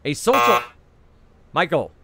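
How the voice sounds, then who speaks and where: A man with a New Jersey accent hosting a trivia quiz over a video call, reading each clue twice and scoring answers in a brisk, chatty way with frequent "uh"s. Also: high-pitched, sing-song, creaky, noisy background.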